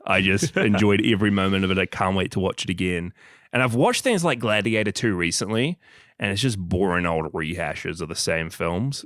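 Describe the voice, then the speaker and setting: Young man, New Zealand accent, co-host, enthusiastic, deep voice, dry sound. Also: dry recording. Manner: enthusiastic, opinionated movie talk. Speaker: podcast co-host. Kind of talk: casual chat.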